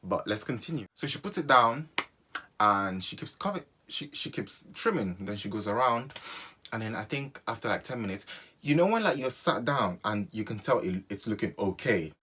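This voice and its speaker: A young man, telling a personal story in an animated way for his vlog and repeating phrases for comic effect. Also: on the low side, moderate pace, breathy edge. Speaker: vlogger.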